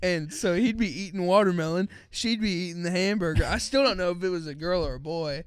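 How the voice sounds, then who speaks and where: A young man co-hosting a podcast, telling stories from his life in an easygoing drawl. His voice is smooth and clear and sits a little high for a man. The sound is close and dry. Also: fairly quick, no echo. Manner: laid-back, drawling storyteller, says "dude" a lot. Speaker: podcast co-host. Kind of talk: casual storytelling chat.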